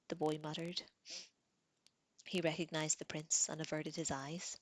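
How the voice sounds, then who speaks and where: Seorang perempuan membacakan novel dengan suara lembut dan pelan. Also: female voice, sits low, flat delivery, a little slow, no echo. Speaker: reader. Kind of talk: reading a novel aloud.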